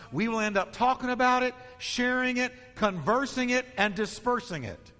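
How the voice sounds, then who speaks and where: A man's voice: high-pitched, pushed and bright, long reverb tail. A man preaching a sermon as pastor, emphatic and rhythmic, stacking repeated phrases.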